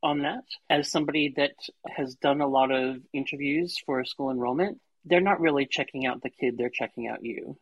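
Low, husky-voiced woman producer. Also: moderate pace, few pauses, dry recording, dull audio. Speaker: podcast producer. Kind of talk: casual chat.

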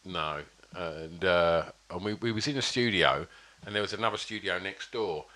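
A man's voice: low-pitched, normal speed, sharp tone. A man telling a rambling anecdote in casual podcast chat, full of fillers and restarts. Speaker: podcast guest.

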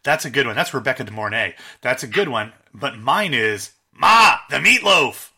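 A man's voice: medium pitch, lively intonation, a little fast, crowd noise. A man co-hosting a casual talk show, enthusiastically running through his favorite comedy films. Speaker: podcast co-host.

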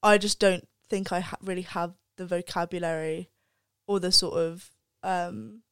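A woman's voice: fairly low pitch, steady tone, a little slow, smooth, dry recording. A young woman, a student guest on a podcast, talking candidly and reflectively in casual chat and swearing freely. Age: young adult.

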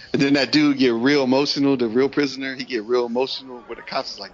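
A man co-hosting a casual podcast chat, telling animated stories and laughing often. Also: mid-range voice, brisk. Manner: animated storyteller, laughs a lot. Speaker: podcast co-host. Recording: muffled lo-fi recording.

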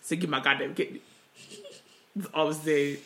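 A woman co-hosting a podcast in casual chat, swinging into loud mock rants. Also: deep voice, steady tone, moderate pace. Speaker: podcast co-host. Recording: echoey room.

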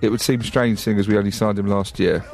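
A man's voice: lowish voice, steady tone, fairly quick, vocal fry, a little mellow, faint music behind. A man co-hosting a sports radio show in casual banter, thoughtful and a little hesitant.

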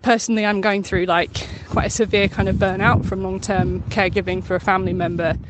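A woman's voice: mid-range voice, little pitch movement, a little fast, noisy background. Hesitant woman leaving a voice message. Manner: hesitant, reflective, many fillers.

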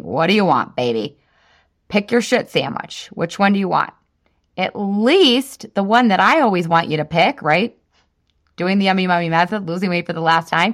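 A woman in her thirties hosts a casual solo podcast, chatty, full of "like," and laughing at herself. Her voice is fairly low in pitch and a bit bright.

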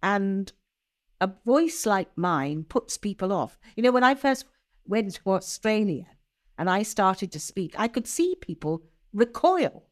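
An older woman with an upper-class English accent and very precise, crisp diction, talking as an interview guest. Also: medium pitch, very animated, measured pace. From England. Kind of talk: conversational interview.

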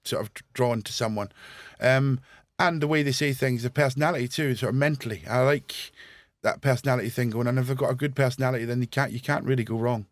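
A male guest chatting casually, hesitant and pausing with frequent ums. His pitch is in an ordinary middle range. The recording is dry and close. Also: dry recording. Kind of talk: casual chat.

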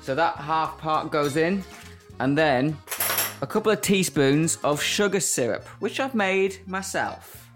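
Mixing a cocktail in his kitchen at home while a little hungover, a man co-hosting a podcast explains the recipe in casual chat. He sounds a little high and animated at a measured pace, with music playing underneath.

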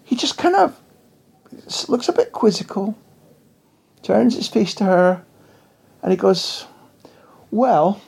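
A man's voice: high-pitched, very animated, measured pace, vocal fry, long pauses, darkish tone, husky. A man telling anecdotes as a guest in a casual interview, in a rambling, wry way.

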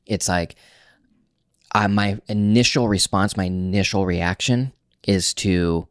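A man in a casual couples chat, speaking haltingly with restarts and uneven pace. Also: low voice, no room sound, studio quality. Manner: halting, restarts words, speeds up and slows down.

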